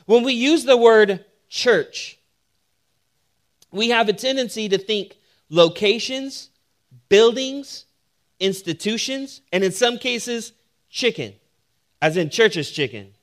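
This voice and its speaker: A man's voice: sits high, slow pace, pauses often. A man, a pastor, preaching a sermon that opens with a humorous personal story and moves into teaching. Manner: humorous storytelling, animated when telling the joke.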